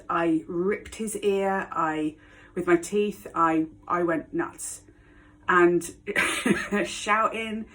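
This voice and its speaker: A woman's voice: on the low side, fairly bright tone. A woman telling a personal story to camera, frank and blunt, often laughing as she speaks. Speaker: vlogger.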